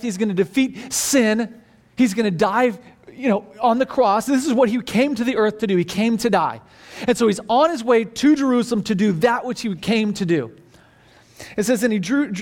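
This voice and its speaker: A man with a high voice preaches to his congregation in an animated, conversational way. He reads scripture aloud and stops often to explain it in plain, everyday words. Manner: animated, conversational, restarts and asides. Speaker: pastor. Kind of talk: sermon with scripture reading.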